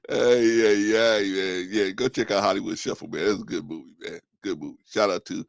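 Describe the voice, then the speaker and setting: A man hosting a casual live stream, chatting loosely with viewers, laughing often and slipping into high-pitched movie quotes. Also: fairly even intonation, a little fast, vocal fry, no room sound, studio quality. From United States.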